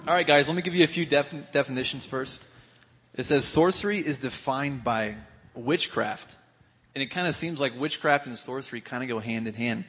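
A man's voice: medium pitch, moderate pace, a bit bright, breathy edge. A man giving a casual youth talk, plainspoken and often repeating words as he restarts sentences. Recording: long hall reverb.

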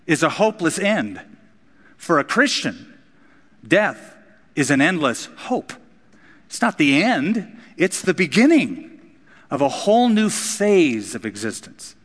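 A man preaching a sermon as pastor, earnest, moving between casual asides and emphatic high points. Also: a bit bright. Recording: long reverb of a large hall.

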